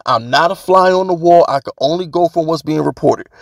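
A man's voice: on the high side, fairly quick, vocal fry, no echo. A man hosting his own sports channel, ranting in a brash, profane, joking way and repeating lines for emphasis. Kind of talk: sports rant commentary.

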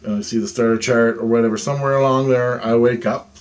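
A man telling a story about alien contact, swearing heavily, agitated and animated. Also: medium pitch, brisk, a little hiss or hum. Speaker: self-described alien contactee. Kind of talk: storytelling monologue.

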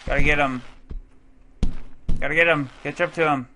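A man's voice: a little high, normal speed, noisy background. A young man casually commentating his gameplay, yelping and swearing at the game and chatting to his cat between runs. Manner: excitable, yelps and swears at the game; talks to his cat between moments of play. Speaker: let's play gamer.

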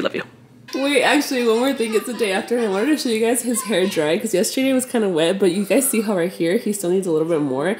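With a mid-range voice carrying a little hiss or hum, this young family vlogger talks casually to the camera from home. She's a bubbly, chatty mother who laughs a lot and drops Spanish words into her speech.

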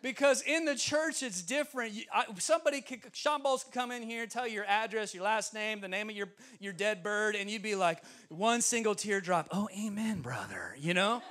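Brisk with hardly any pauses, this young man's high-pitched voice fills a church sanctuary as he preaches as a guest speaker. Animated and laughing, he tells sermon stories and acts out the voices of their characters.

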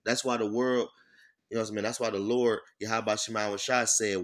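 A man giving an informal sermon. He reads verses slowly, breaks them down bluntly with profanity, and keeps checking in with "all right?". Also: fairly low pitch, steady tone, fairly bright tone. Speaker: scripture teacher. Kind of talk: informal sermon with scripture reading.

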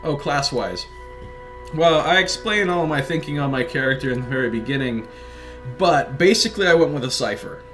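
A man's voice: on the high side, animated, normal speed, a bit bright, soft background music. A man giving casual, joking let's play commentary while chatting with his viewers. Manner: chatty, joking, talks to chat. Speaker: gaming livestreamer.

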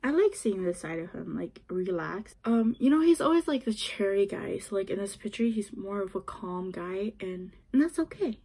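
A woman's voice: mid-range voice, animated, normal speed, few pauses, mellow, husky. A woman chatting casually as she unboxes an album, gushing and giggling and often dropping to a whisper, recorded on a phone. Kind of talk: casual chat to camera.

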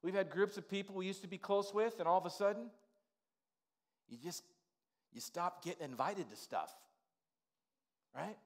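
A man's voice: high voice, expressive, normal speed, long pauses. A male pastor delivering an informal, conversational sermon in a church sanctuary, full of "you know" asides.

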